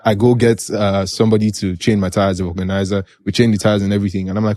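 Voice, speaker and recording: A young Nigerian man hosting a podcast, telling a story in lively casual chat and laughing often. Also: fairly low pitch, fast, no echo, clean studio sound. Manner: animated, laughs often while telling stories. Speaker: podcast host.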